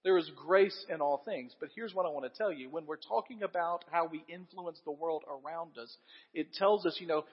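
A man preaching a sermon, his voice pitched high for a man. He speaks earnestly, builds emphasis through repeated phrases and asks the congregation questions. The sound is dull and lo-fi, with a long reverb trailing through the church hall. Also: normal speed, slightly rough. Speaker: pastor.

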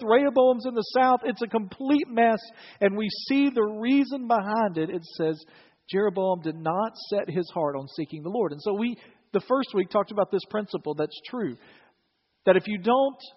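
A man preaching a sermon to his congregation, conversational and joking with the listeners. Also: very high voice. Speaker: pastor. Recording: dull, reverberant hall recording.

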